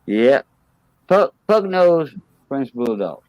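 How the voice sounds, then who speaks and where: A man's voice: medium pitch, very animated, darkish tone, dry recording, rough recording. A man with a Cajun accent hosting a casual livestream chat, playful and teasing, repeating words. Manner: playful, teasing, drawn-out repetitions. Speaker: livestream host.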